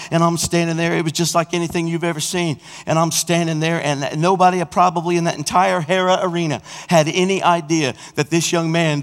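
Male pastor, high bright voice, sermon in a reverberant sanctuary, big dynamic swings. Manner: swings from hushed storytelling to shouted preaching. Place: church sanctuary. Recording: long hall reverb.

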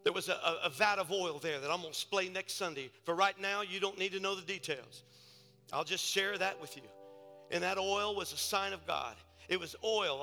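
A male pastor preaching a sermon in a church, moving from hushed storytelling asides to shouted preaching. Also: high-pitched, normal speed, vocal fry. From Ohio, USA. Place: church sanctuary. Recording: church service with long reverb and faint music.

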